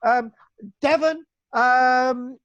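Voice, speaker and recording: A man's voice: very high-pitched, steady tone, extremely slow, a bit bright, no room sound, dull audio. A man lecturing on local history over a video call in a chatty, folksy way, with many fillers and restarts. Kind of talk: online illustrated history lecture.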